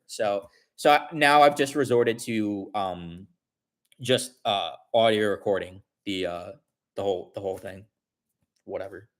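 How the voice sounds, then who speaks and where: A man in his forties chatting casually to his livestream viewers, rambling, restarting often and telling an animated story. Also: lowish voice, a little slow. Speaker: livestream host.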